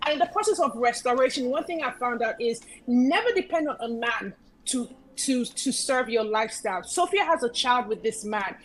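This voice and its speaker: A woman's voice: a little high, lively intonation, normal speed, rough recording. A woman giving earnest, preachy advice in a casual talk show chat, repeating phrases for emphasis. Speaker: guest commentator.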